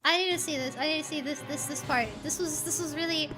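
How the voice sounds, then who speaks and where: A woman streaming a game, reacting in an excitable, gushing way and teasing herself. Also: sits high, fast, music in the background. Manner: excitable, gushing, self-deprecating. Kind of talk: live game stream commentary.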